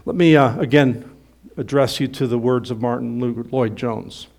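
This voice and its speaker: A man preaching a sermon, emphatic and swelling loud on key points, then dropping low and quiet at the ends of phrases. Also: fairly even intonation, moderate pace, vocal fry. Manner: emphatic preaching, rising loud on quoted passages. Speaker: pastor.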